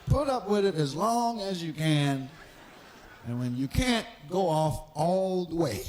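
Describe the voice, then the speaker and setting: A man in his forties working a stand-up set, swearing freely as he rambles through his stories and slips into the voices of the characters he describes. His voice sits high for a man and swoops up and down constantly, bursting into shouts one moment and dropping to a mutter the next. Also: lively intonation, a little slow. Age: 40s. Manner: profane, loose storytelling that acts out characters. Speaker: stand-up comedian. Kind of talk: live stand-up comedy routine. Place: live stage show.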